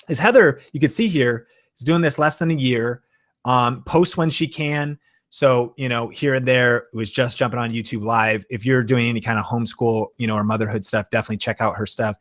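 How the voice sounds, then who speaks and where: A man hosting a live-stream Q and A, talking with excitable enthusiasm and plenty of fillers. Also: medium pitch. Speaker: YouTube channel host.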